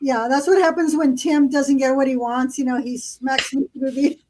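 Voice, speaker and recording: A woman chats casually as a podcast co-host, spinning long stories full of fillers. Her voice sits high. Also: steady tone, normal speed, a little mellow, low-quality recording. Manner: chatty storyteller, lots of fillers. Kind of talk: casual chat.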